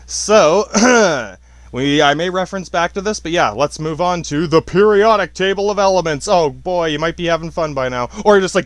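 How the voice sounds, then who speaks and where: A man's voice: fairly high pitch, moderate pace, no room sound. A man hosting a casual solo podcast, rambling and swearing, laughing often and restarting his sentences. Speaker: podcast host.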